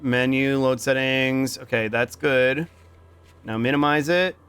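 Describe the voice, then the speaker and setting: A man streams a game and chats casually and playfully, rambling and repeating lots of fillers. His medium-pitched voice is clear, resonant and fairly bright, with fairly even intonation at a measured pace.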